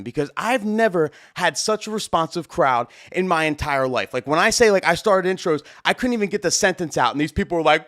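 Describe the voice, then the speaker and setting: A young adult man, a wedding DJ hosting his own show, tells a story casually, with a rambling, excitable delivery full of fillers and swearing. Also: fairly high pitch, no room sound, studio quality.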